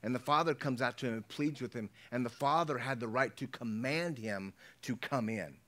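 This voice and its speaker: A man's voice: medium pitch, moderate pace, a bit bright. A middle-aged man preaching a sermon as pastor, talking conversationally, repeating his words and checking in with his listeners.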